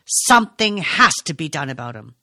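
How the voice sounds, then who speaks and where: A woman's voice: sits low, very animated, moderate pace, sharp tone, no echo, studio quality, heavily acted. A woman voicing a brash, hot-tempered grown son who talks bluntly and coarsely. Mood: furious.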